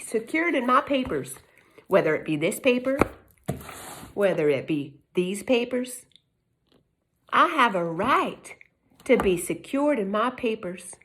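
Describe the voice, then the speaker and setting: A woman with a Texas accent talking casually and emphatically about constitutional rights, now and then jumping to excited high exclamations. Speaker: vlogger speaking on constitutional rights. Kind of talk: casual chat.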